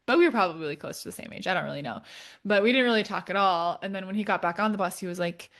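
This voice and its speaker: A young woman co-hosting a podcast, telling a story in animated, casual chat and laughing often. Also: mid-range voice, racing. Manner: animated, laughs often, quotes people in playful voices. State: tired and shaken. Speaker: podcast co-host.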